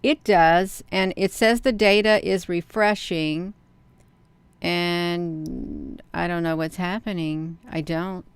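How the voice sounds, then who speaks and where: Woman, live-stream host, expressive, excitable, smooth lowish voice, dry sound. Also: slow, no echo. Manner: expressive and excitable, talks straight to viewers. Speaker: channel host reading live chat. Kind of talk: casual live-stream commentary.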